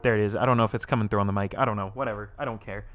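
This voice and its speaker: Excitable young man streaming, dry sound. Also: on the low side, racing, dry recording. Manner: excitable, laughs often, swears casually. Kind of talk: live stream reaction, reading chat aloud.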